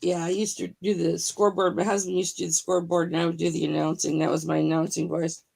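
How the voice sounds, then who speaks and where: A woman's voice: fairly low pitch, little pitch movement, quick pace, gravelly, a little mellow, breathy edge. A woman guest on a casual livestream chat, talkative and keen on boxing. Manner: talkative, enthusiastic about boxing.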